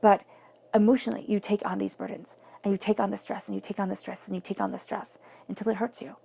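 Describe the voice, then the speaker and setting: A woman's voice: mid-range voice, little pitch movement, fast talker, creaky, dark tone, husky. A woman giving an earnest, emphatic tarot reading, repeating phrases and sometimes dropping to a whisper. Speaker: tarot reader.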